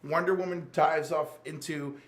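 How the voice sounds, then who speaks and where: Animated man recapping comics. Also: fairly high pitch, moderate pace. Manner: animated, rambling recap with filler words. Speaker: podcast host reviewing comics. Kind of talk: casual chat. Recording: roomy echo.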